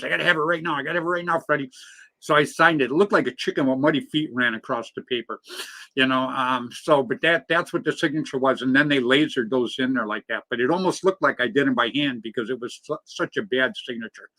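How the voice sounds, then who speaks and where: A man's voice: mid-range voice, a little fast, bright, forceful tone. A middle-aged man co-hosting a live talk show in casual, jokey banter. He rambles and laughs easily. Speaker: co-host of a live paintball show.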